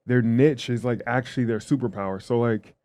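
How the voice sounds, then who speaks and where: A man's voice: mid-range voice, fairly even intonation, a little mellow. A man hosting a podcast, chatting casually and eagerly about video games. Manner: quick, eager gamer banter. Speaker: podcast host.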